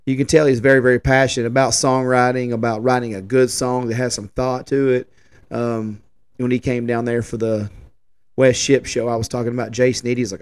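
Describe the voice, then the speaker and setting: A man's voice: mid-range voice, darkish tone, smooth. A man, hosting a podcast and telling a long, rambling story in a casual, folksy way, full of fillers and restarts. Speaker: podcast host and festival organizer.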